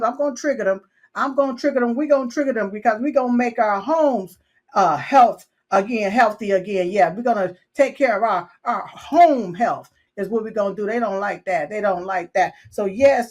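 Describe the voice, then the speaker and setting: A woman hosting a live talk show, energetic and repetitive, full of "yes, yes" and "you all.". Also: fairly high pitch. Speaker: show host. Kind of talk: live talk show opening and sponsor reads.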